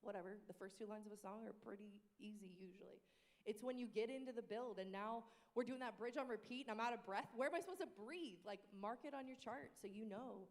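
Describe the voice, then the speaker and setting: Lively woman speaking in an echoing hall. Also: on the high side, fast talker. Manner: lively and expressive, breaking into sung demonstrations. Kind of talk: casual panel discussion. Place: church worship space. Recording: echoey hall reverb.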